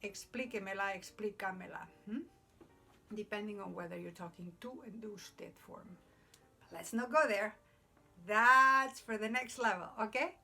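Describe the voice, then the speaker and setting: At a whiteboard in a classroom, a woman teaches Spanish grammar, explaining patiently in English with Spanish examples and often asking "okay?" Her voice is medium-pitched and bright, with vocal fry, a measured pace, and a forceful tone. The whiteboard is noisy, and faint music plays in the background.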